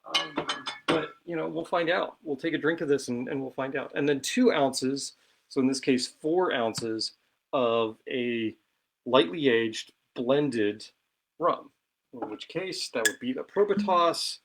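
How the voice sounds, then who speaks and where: A man's voice: medium pitch, measured pace, gravelly, fairly bright tone. A man hosting a casual cocktail show from his home bar, chatty and self-deprecating as he talks through each step while mixing.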